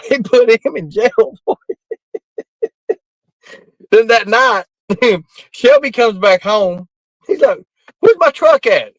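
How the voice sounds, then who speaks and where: High-voiced man spinning a yarn. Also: slow pace, long pauses, fairly bright tone, no echo, rough recording. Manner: rambling, laughing through the tale, coarse language. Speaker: storyteller. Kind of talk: casual spoken storytelling.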